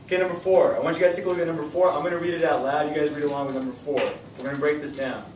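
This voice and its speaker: A man's voice: fairly high pitch, rapid-fire, background noise. Young man teaching a science class. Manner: energetic, repeats questions to students. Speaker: high school science teacher. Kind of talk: classroom lesson. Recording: echoey classroom from far off.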